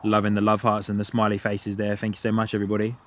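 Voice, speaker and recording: His voice is lowish and monotone, and he speaks at a quick pace. He's a British livestream host with an Australian and New Zealand twang, plane-spotting outdoors at an airport and chatting and laughing a lot as he reads messages from viewers.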